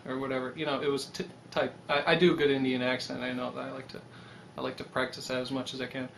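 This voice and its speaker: A young man talking in a rambling, animated casual monologue, swearing freely and pitching his website idea. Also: fast, gravelly, slight background noise. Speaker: website creator.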